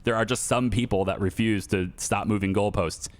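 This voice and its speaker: A man's voice: on the low side, fairly even intonation, normal speed, dry recording. A middle-aged man giving casual, chatty commentary over a car dealing game, repeating his points and laughing easily. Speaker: gaming YouTuber.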